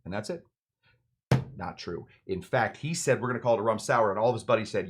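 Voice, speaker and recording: A man's voice: lowish voice, fairly quick, slightly rough. A man hosting a cocktail lesson tells drink history in a loose, rambling way. He jokes as he goes and keeps slipping into goofy voices for the characters in his anecdotes. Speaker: cocktail show host. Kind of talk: casual storytelling lesson.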